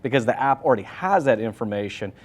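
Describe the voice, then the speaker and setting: A man's voice: mid-range voice, lively intonation, fast. A man hosting a casual conference chat, talking loosely and enthusiastically and swearing freely. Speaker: host. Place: conference venue.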